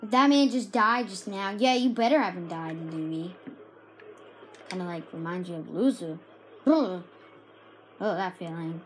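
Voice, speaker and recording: A woman giving frantic, excited commentary while playing a shooter game, often shouting and yelping. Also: lowish voice, a little slow, pauses often, slight background noise. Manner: frantic, shouts and yelps at the action. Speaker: gaming video creator.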